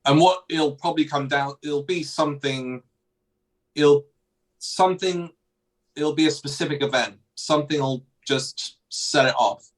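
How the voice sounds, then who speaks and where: A man's voice: fairly high pitch, measured pace, poor audio. A man hosting a podcast, chatting casually about politics and often restarting his thoughts. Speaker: podcast host.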